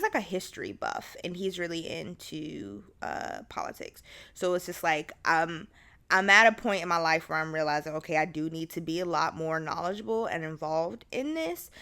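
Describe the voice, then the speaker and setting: A woman's voice: lowish voice, pushed and bright, smooth. A young woman hosting a podcast alone, talking in a candid, rambling way with lots of fillers and restarts. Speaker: podcast host. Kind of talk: casual solo chat.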